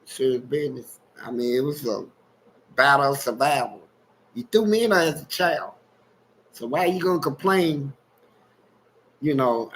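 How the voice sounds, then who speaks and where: A man's voice: mid-range voice, very animated, normal speed, long pauses, fairly bright tone, slight background noise, rough recording. A man telling frank, streetwise stories in a casual livestream chat and laughing along as he goes. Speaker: guest storyteller on a livestream.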